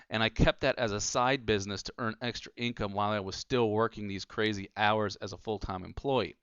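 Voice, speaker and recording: A man's voice: fairly low pitch, fairly bright tone, smooth, no room sound, muffled recording. A man giving an earnest, emphatic motivational talk as a business coach.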